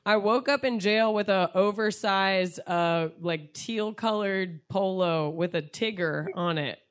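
A woman's voice: mid-range voice, a little slow, smooth. A young woman telling a rowdy personal story in casual chat, swearing constantly and acting out quotes. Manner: profane, animated storytelling with acted quotes.

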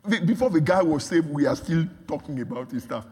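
A man preaching a sermon, repeating phrases and building from quiet talk to shouts. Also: on the high side, slightly rough. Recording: long hall reverb.

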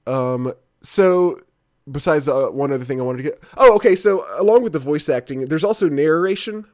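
A man's voice: on the high side, animated, normal speed. A man hosting a casual chat, rambling and swearing freely with many restarts. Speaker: podcast host.

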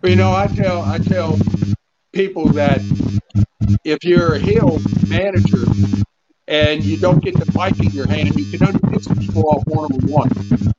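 A man's voice: a little high, lively intonation, unhurried, very noisy. A man guesting on a talk show as a wrestling manager, talking hesitantly with many restarts. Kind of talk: casual chat. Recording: dull lo-fi with loud music behind.

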